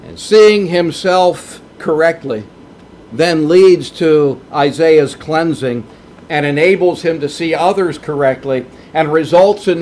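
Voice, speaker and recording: A man preaching a sermon in a slow, emphatic way, with big swings in pitch for emphasis. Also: darkish tone, slight background noise.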